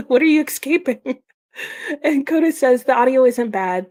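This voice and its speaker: Hosting a live reading stream on a sleepy, slow-brained morning, this woman speaks in a fairly high, animated, darkish voice at a measured pace. She reads out viewers' comments and answers them in a chatty way, giggling often.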